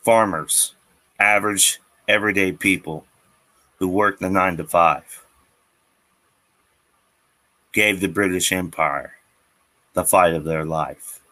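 A man's voice: low-pitched, sharp tone, rough recording. A man hosting his own show, delivering an angry, profane political rant with emphatic repetition. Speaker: political commentary host.

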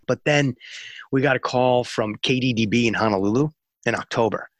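A man's voice: medium pitch, moderate pace, no echo. A man telling a long story in an interview, acting out the voices of the people in it. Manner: animated storyteller acting out dialogue. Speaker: music radio promotion executive.

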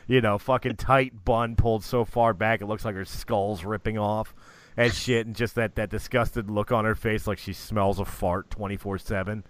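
A man hosting a comedy podcast, boisterous and profane, laughing loudly. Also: lowish voice, flat delivery, normal speed, no room sound. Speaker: podcast host. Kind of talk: crude comedy banter.

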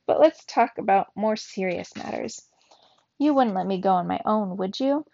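A woman voicing an excitable, insistent young female mouse in a read-aloud storybook. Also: moderate pace, vocal fry, no room sound. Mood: coaxing. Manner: squeaky, insistent. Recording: dull, lo-fi, dry.

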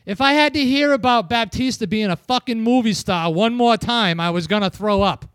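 A man from New England hosts a casual wrestling review, ranting and swearing with emphatic force. His voice sits high for a man, recorded dry and close. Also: normal speed, a bit bright, clear, resonant tone, dry recording. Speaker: podcast host.

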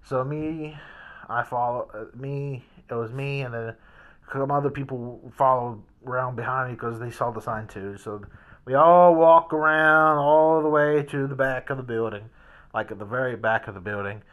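A man's voice: mid-range voice, normal speed, narrow, tinny audio. A young man casually rambling through a story in a hotel room, full of restarts and fillers. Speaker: vlogger.

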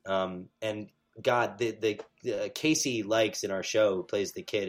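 A man, a stage actor, chatting as an interview guest, animated and full of fillers. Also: lowish voice, unhurried, few pauses. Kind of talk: casual interview chat.

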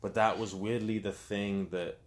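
A man's voice: lowish voice, flat delivery, normal speed. A young man speaking candidly as an interview guest, telling his story openly and acting out quotes with animation.

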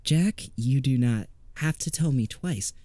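Man doing a fussy, high-strung middle-aged podcaster. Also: animated, a little slow, warm tone, no room sound, close to an everyday voice. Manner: flustered, high-strung and snippy. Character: fussy mid-forties male paranormal podcaster.

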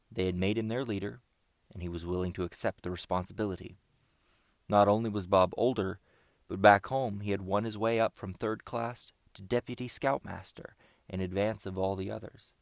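A man with a very low, gravelly voice reads a storybook chapter in a steady, measured way. The recording is close and dry, with no room sound. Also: no echo. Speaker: audiobook narrator. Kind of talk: scripted narration.

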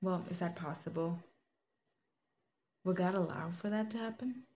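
A woman's voice: fairly low pitch, normal speed, a little mellow. A young woman sharing a personal faith story in an earnest, conversational way, with fillers and restarts. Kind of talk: reflective personal testimony. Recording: slightly muffled with faint background hiss.

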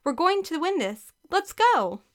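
A woman voicing a bold, playful young babysitter who talks briskly and bosses the kids around in a storybook reading. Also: mid-range voice, pushed and bright, clean tone. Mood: pumped up.

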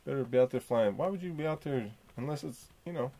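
Male solo podcast host, casual and profane, gravelly, loose slangy delivery. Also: mid-range voice, quick pace, warm tone.

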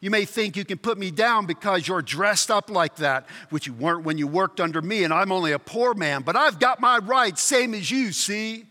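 Man doing a boastful, indignant male ghost, high and sharp, long hall reverb. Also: lively intonation, normal speed, few pauses. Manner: indignant, argumentative, sulky. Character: blustering, self-righteous male ghost of a working man.

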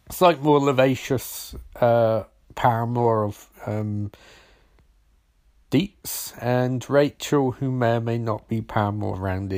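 Wry, rambling man. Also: medium pitch. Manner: rambling, wry and sarcastic, with frequent swearing. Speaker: film reviewer. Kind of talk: casual spoken film recap.

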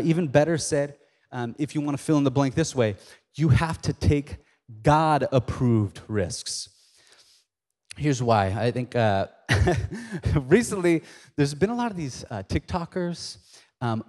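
A man's voice: a little high, a little mellow. A male pastor preaching a casual storytelling sermon, joking and talking straight to the congregation in a church. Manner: conversational and joking, addressing the congregation. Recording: long reverb of a large hall.

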